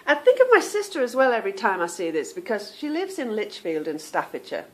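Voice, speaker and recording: A woman's voice: medium pitch, huge pitch swings, fairly quick. A woman hosting a knitting podcast, chatting casually to viewers, rambling off on tangents and stumbling over unfamiliar names.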